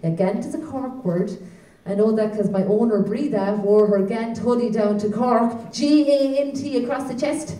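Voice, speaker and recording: A mischievous, blunt little puppet with a lilt and a fairly high voice, as a woman puts it on. It chatters about its owner in a plain, unforced way, more sidekick than full character. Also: moderate pace, hardly any pauses, mellow, reverberant, distant mic, natural voice, poor audio. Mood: cheeky.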